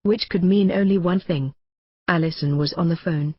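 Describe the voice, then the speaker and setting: A woman reads a first-person memoir in a blunt, wry manner. Her voice sits low and has a husky grain. The recording is dry and dull, with little room sound. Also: normal speed, dry recording. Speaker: audiobook narrator.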